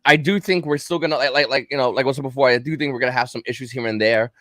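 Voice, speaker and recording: A man telling a story in casual chat on a livestream, acting out the quotes in an animated way. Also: mid-range voice, rapid-fire, dry recording, studio quality. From Kentucky. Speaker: livestream guest.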